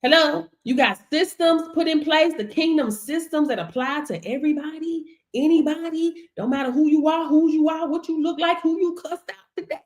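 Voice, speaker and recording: A woman's voice: high voice, moderate pace, few pauses. Sassy, laughing woman streamer. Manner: sassy, laughing, preachy, colloquial. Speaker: livestream host and business mentor. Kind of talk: casual motivational livestream talk. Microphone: streaming setup.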